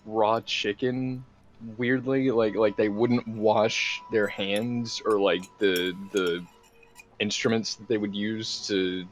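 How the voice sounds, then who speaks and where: A man in casual let's-play chat, telling stories and swearing offhandedly while his friend plays. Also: lowish voice. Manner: laid-back, swears, tells stories. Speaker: co-host watching a game.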